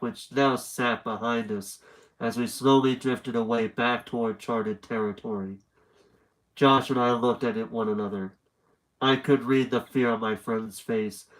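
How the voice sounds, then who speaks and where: Heard through rough audio, a young male streamer reads a horror tale in a slightly nasal, fairly bright, medium-pitched voice. Between passages he rambles off on chatty tangents, then settles back into the story.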